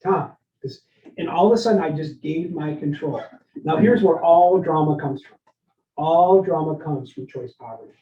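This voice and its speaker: A man giving a leadership workshop, energetic and interactive, often asking his listeners questions and tagging lines with "right?". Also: fairly high pitch, moderate pace, a little hiss or hum. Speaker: leadership speaker. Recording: roomy, dull lo-fi sound.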